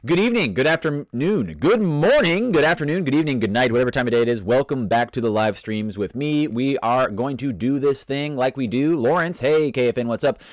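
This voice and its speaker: Man, live stream host, lively up-and-down voice, dry close mic, playful and rambling, reads chat aloud. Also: mid-range voice, a little fast, hardly any pauses, no echo. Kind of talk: casual live stream chat, greeting viewers.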